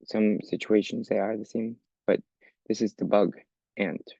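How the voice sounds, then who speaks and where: A man's voice: lowish voice, fairly even intonation, a little slow, gravelly, warm tone, slightly rough, dry recording, highs cut off. A man teaching an English lesson for learners, explaining patiently step by step and often checking with "okay?". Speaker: ESL teacher.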